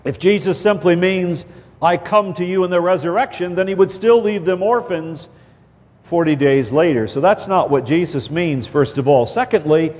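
A man with a fairly high voice preaches at an unhurried, measured pace, leaning on each key word. His voice rings out with a long hall reverb. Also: darkish tone. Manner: slow, deliberate, emphatic phrasing with repeated words. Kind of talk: expository sermon.

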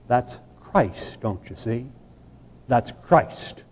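Male preacher, sermon, dramatic storytelling, very slow delivery, echoing church hall. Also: on the low side, expressive. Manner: slow, dramatic storytelling with sudden loud peaks. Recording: long reverb of a large hall.

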